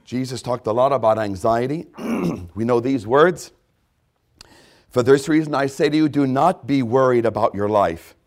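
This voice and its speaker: Animated male preacher with lively pitch. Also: normal speed. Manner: animated, swinging from loud emphatic repetition to low hushed asides. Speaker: pastor. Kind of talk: sermon.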